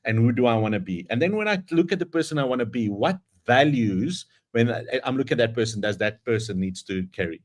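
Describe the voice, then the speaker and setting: A man's voice: mid-range voice, animated, brisk, hardly any pauses. A man giving an earnest motivational talk, telling a story and stressing his key phrases. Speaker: guest speaker. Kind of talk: motivational speech.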